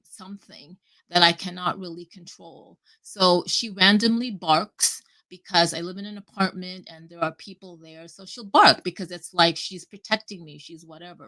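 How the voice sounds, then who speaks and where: A woman talking casually and at length on a live audio chat, rambling and animated, cutting herself off and swearing freely. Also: on the low side. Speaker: guest speaker.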